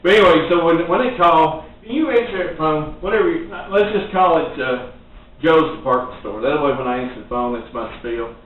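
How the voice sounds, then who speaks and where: Folksy man, high-voiced sales trainer, rambling motivational talk, recorded from afar in a very echoey room. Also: normal speed. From Western Kentucky. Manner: folksy and rambling, laughing often. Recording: echoey, distant, tinny phone-like audio with faint noise.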